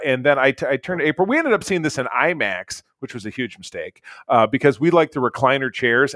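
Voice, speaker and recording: A man's voice: medium pitch, a bit bright, no room sound. A man co-hosting a casual chat, reviewing a movie in a blunt, rambling way with lots of fillers and restarts. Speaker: podcast co-host, movie reviewer.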